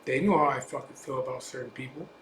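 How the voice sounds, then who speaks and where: In a mid-range, somewhat bright voice at a quick pace, a Chicano English-accented man vlogs about biking, ranting bluntly and unscripted to camera. His talk is profane and defiant, dotted with repeated asides, recorded in an echoey room with a faint background hum.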